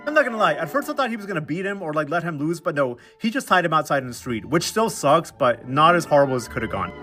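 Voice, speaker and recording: Young male comedic recapper, slightly high voice, sarcastic slang delivery, faint music behind. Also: fast talker. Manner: slangy, sarcastic, animated storytelling with mocking quoted voices. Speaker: recap commentator.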